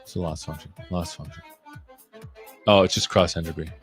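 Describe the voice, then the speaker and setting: A man's voice: sits low, fairly even intonation, moderate pace, faint music behind. A man hosting a live coding stream, explaining as he thinks aloud and often checking in with "right?". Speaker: livestream coding host.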